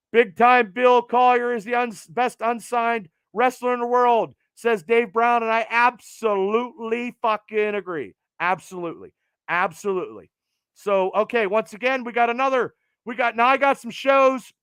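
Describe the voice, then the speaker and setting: Guy hosting a podcast, highish smooth voice, cussing, plugging shows like an announcer, dry sound. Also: fairly bright tone, no room sound. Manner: profane, rapid-fire event plugs in announcer cadence. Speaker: podcast host.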